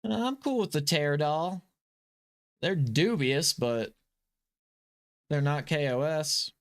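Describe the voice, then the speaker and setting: A gaming streamer gives casual live commentary on his gameplay, rambling and restarting sentences, swearing and then apologizing as frustration and agitation build. His voice is a little high and his pace slow.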